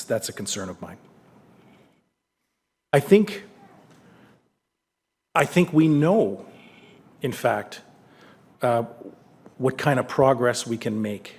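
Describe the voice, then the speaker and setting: A middle-aged man from Canada giving a public lecture in a conversational, candid way, weaving in personal stories. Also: mid-range voice. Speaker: lecture speaker.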